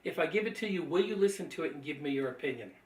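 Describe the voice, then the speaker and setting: A man cheerfully telling animated stories about recruiting friends into his business, laughing easily. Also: fairly high pitch, racing. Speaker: network marketing trainer. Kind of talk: storytelling testimony. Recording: echoey room, mic at a distance.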